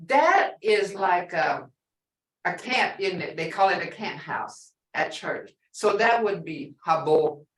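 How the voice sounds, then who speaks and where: A woman's voice: fairly low pitch, lively intonation, slow pace, reverberant, distant mic, low-quality recording. An older woman teaching a language class, chatty and storytelling, repeating words for emphasis.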